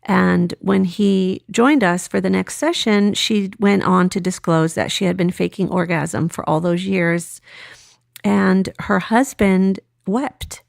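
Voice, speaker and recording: Woman therapist lecturer, measured delivery, gravelly tone, dry close sound. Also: medium pitch, no echo. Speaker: sex therapist. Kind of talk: scripted lecture with case story.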